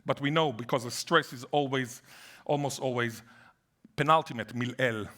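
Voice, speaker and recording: A man whose first language is Hebrew, giving an animated academic lecture on linguistics with playful asides. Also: mid-range voice, normal speed.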